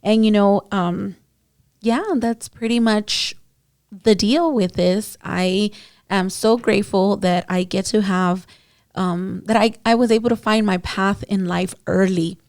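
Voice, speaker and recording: A woman's voice: medium pitch, steady tone, a little slow, darkish tone, no echo, clean studio sound. A woman esthetician hosting her podcast, telling client stories in a chatty, casual way with lots of fillers, speaking into a podcast mic. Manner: chatty, many fillers, addresses listeners as guys. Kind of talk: casual storytelling monologue.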